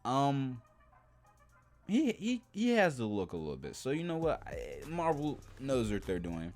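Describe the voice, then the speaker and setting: Male reaction host, low-pitched, rambling casual delivery, faint music underneath. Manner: rambling, hesitant, heavy on "like" and "you know".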